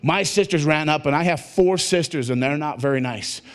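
A man delivers a motivational keynote to a conference audience, his voice sitting a little on the high side. He tells his story with animated energy, jumping in pitch as he acts out the exchanges. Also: normal speed. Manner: animated storytelling, acting out dialogue in jumps of pitch. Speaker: motivational speaker. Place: conference hall at a resort.

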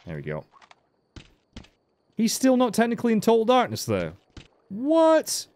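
A man's voice: high-pitched, wildly swooping pitch, normal speed, a little mellow, no echo. A man giving casual, joking game commentary as a let's play host, with frequent swearing. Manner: chatty, joking, swears freely.

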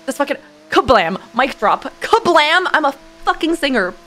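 A woman streamer reacting casually to a song, effusive and excitable and swearing freely. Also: sits high, moderate pace.

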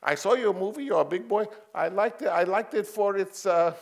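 A man impersonating an excitable little old male studio boss who repeats words insistently. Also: high-pitched, moderate pace, voice pushed up. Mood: excited.

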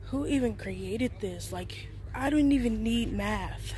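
A woman's voice: fairly high pitch, measured pace, few pauses, dark tone, slight background noise. A young woman, a college student vlogger, venting and rambling casually to her viewers with lots of filler words. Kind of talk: casual vlog talk to camera.

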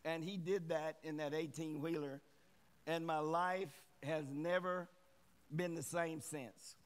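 A middle-aged man preaching in a church with lively energy. He calls out to the congregation for responses in a fairly high, bright-edged voice. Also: slow, smooth. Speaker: guest preacher. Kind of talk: sermon. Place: church sanctuary.

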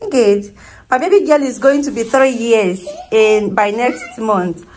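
A woman's voice: a little high, measured pace, a little mellow, rough recording. A woman in her thirties with a Nigerian accent, chatting casually to her viewers in a home vlog. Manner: chatty, addresses viewers directly. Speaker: vlogger and stay-at-home mother.

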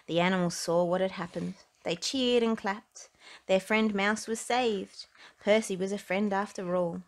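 A woman narrating a children's storybook aloud in an expressive, unhurried way. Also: mid-range voice. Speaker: storybook reader.

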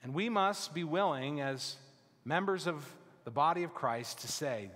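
A male pastor preaching a sermon in an emphatic, deliberate way, with his phrases often sinking to a hushed close. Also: fairly high pitch, animated, in a large hall. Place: church sanctuary.

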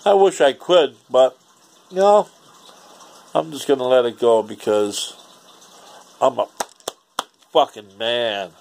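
A man's voice: medium pitch, takes it slowly, gravelly, pauses often, darkish tone, slight background noise. A man, ranting casually and profanely in a rambling home vlog. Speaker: vlogger.

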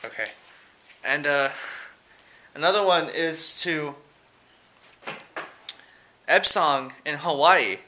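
A teenage guy rambling through shout-outs in a casual vlog at home, giggling and hesitant. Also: fairly high pitch, slow, pauses often. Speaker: vlogger. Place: room at home.

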